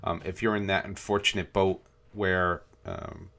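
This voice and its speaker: A man with a low voice that still rings bright and forceful hosts a podcast in easy conversation. He talks through news stories with plenty of fillers and restarts. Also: measured pace, vocal fry. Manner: conversational, reads headlines aloud, frequent fillers. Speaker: podcast co-host. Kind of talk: casual podcast discussion.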